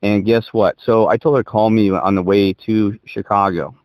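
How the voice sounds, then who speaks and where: A man's voice: lowish voice, fairly even intonation, moderate pace, dry recording, muffled recording. A man co-hosting a podcast, telling a long story in a rambling, self-interrupting, emphatic way. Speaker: podcast co-host. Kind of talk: casual chat, rambling storytelling. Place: Colorado.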